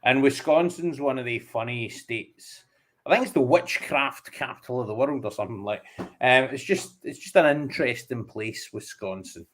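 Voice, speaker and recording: A man's voice: mid-range voice, moderate pace. A man with a Scottish accent, a guest on a casual podcast. He muses and rambles in an easy, conversational way. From Scotland.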